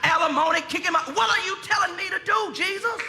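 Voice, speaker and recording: A pastor acting out a desperate grieving believer who shouts disbelieving complaints at Jesus. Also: male voice, very high voice, fast, creaky, roomy sound, soft background music, pitched above the performer's own voice, full character voice. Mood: pleading, exasperated.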